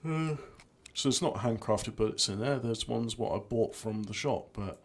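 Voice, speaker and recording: A man's voice: fairly low pitch, normal speed. Rambling man commenting over his gameplay. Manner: self-mocking, trailing off, lots of restarts. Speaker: gameplay streamer.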